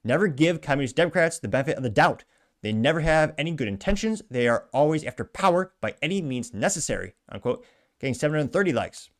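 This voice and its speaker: A man's voice: a little high, expressive, fast talker. Sarcastic man reading posts aloud. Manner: sarcastic, muttering asides. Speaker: political commentary host. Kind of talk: reading and reacting to social media posts.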